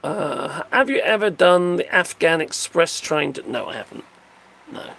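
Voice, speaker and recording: Casting: older livestream host, bright gravelly voice, high and very animated, jokey and rambling. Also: male voice, measured pace. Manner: rambling, jokey, laughs often, answers viewer comments. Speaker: livestream host reading chat. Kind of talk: casual livestream chat. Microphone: phone.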